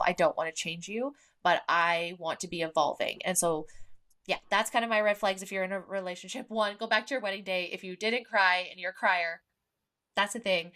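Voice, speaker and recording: A woman in her thirties hosts a podcast in a casual, candid chat, swearing freely and using many fillers. Her voice is fairly low and a bit bright.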